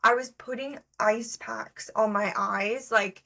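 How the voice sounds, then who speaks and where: Slow and steady, a young woman with a slightly high, creaky voice and a sharp tone co-hosts a podcast. She chats casually, telling stories full of fillers.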